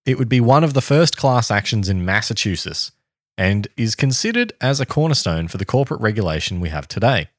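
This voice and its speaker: A man hosting a podcast, reading a history story aloud to his co-host in a steady tone with dry asides. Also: fairly low pitch, no echo.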